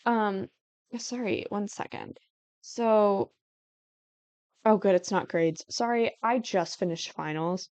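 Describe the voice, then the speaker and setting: This young woman narrates her Sims building tutorial in a chatty, self-interrupting way, often trailing off mid-thought with giggles. Her mid-range voice is slow and a little mellow, clear and resonant, with frequent pauses, on a dry recording.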